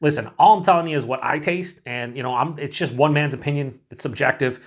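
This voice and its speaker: A man's voice: fairly high pitch, quick pace. A man from the United States giving a rambling, enthusiastic, unscripted beer review, swearing freely and filling his talk with likes and uhs.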